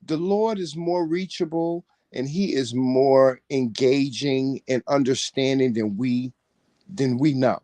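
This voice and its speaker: A man's voice: medium pitch, slow, mellow, no echo. A man in casual chat, talking animatedly in a preachy way and swearing freely. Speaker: co-host.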